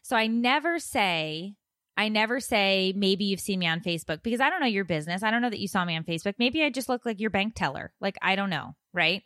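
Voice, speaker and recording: A woman in her thirties chatting casually on a podcast, telling a story with lots of energy. She slips into little voices for the people she quotes. The sound is dry and close, with her pitch sitting in the middle. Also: expressive, fairly quick, fairly bright tone, dry recording. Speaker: podcast co-host. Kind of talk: casual chat.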